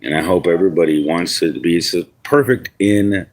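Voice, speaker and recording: A man's voice: low voice, brisk, a little hiss or hum. Rambling man from New York. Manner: rambling, frequent restarts and swearing, chats to viewers. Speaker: livestreamer. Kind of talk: casual live stream rant.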